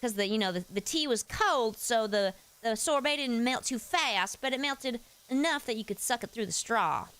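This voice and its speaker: A woman's voice: fairly high pitch, expressive, moderate pace, few pauses, a bit bright, clear, resonant tone, poor audio. A woman putting on a folksy, chatty Southern persona with a Southern US accent while chatting on a live stream. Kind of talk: casual live-stream chat.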